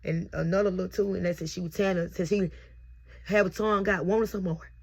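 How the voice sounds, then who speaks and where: A woman's voice: fairly low pitch, steady tone, fast, creaky, a little mellow, breathy edge. A young mother recording herself on camera as she tells a heartfelt, repetitive birth testimony. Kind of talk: emotional personal testimony. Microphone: self-recorded on camera.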